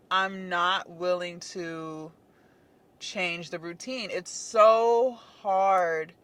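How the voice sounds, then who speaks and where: A young woman chatting casually to her camera at the gym. She thinks out loud as she goes and fills her sentences with likes and ums. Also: fairly low pitch. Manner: rambling, many fillers, musing out loud. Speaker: fitness vlogger. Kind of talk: casual vlog chat to camera.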